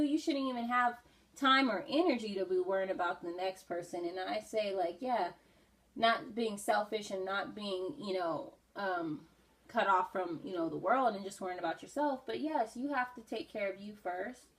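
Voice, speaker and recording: A woman's voice: mid-range voice, rough recording. A woman beauty vlogger talking casually while doing her makeup, earnest and reflective, with many "you know"s.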